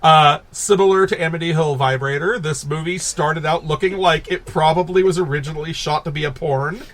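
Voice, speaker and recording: A man on a podcast telling a story in casual chat, animated, laughing and swearing as he goes. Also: on the high side, fairly quick. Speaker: podcast co-host.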